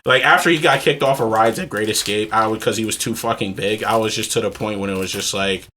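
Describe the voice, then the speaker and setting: A man hosting a podcast, telling a story in casual chat, animated and swearing freely. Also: on the low side, fast talker, a little hiss or hum. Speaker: podcast host.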